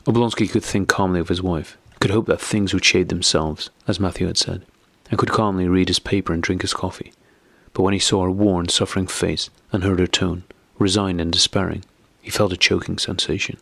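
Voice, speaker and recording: A man narrating a classic novel as an audiobook, reading in a steady, measured way. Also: low voice, creaky, dry recording. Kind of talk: scripted narration.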